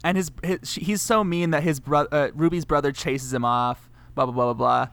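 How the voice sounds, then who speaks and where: An animated male co-host recaps a film casually and acts out characters' lines as he goes. His voice sits a bit high for a man. The sound is dry, close and clean. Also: normal speed, vocal fry, clear, resonant tone, dry recording. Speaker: podcast co-host.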